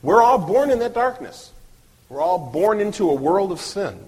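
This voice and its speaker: A man's voice: high-pitched, very animated, normal speed, a little mellow, husky. A man preaching a sermon at a church service, earnest, often restarting and repeating his words.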